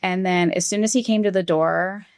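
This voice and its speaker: A woman guest on a podcast, telling a painful personal story in a halting, conversational way, full of "like" and acted-out quotes of what others said. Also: mid-range voice, fairly even intonation, smooth, dry recording, clean studio sound. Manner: halting, heavy use of "like", acts out quoted voices.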